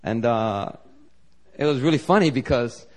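A man's voice: mid-range voice, animated, normal speed. A man preaching as a pastor at a church service, telling a story loosely, with lots of "like" and "you know". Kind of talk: sermon storytelling.

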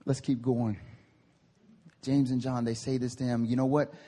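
Husky-voiced man preaching a lively sermon. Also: medium pitch, normal speed. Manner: lively, preaching with voiced asides and swings from loud to hushed. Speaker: pastor. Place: church service.

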